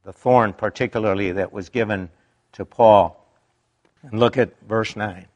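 A man preaching a sermon in an emphatic, deliberate way, his pitch rising and dropping dramatically. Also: steady tone, a little mellow, lo-fi sound.

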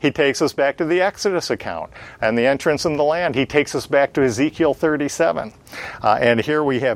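A man's voice: a little high, brisk, no echo. A man teaching a Bible study in a plain-spoken, explanatory way, with many "uh" fillers.

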